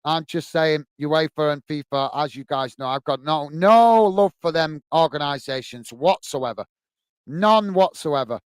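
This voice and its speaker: A man's voice: a little high, expressive, a little slow, smooth, no room sound. A man hosting a live football watch-along stream. He rants passionately and chats with viewers, calling them mate, between bits of match commentary. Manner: passionate, ranting, chatty, addresses viewers as mate.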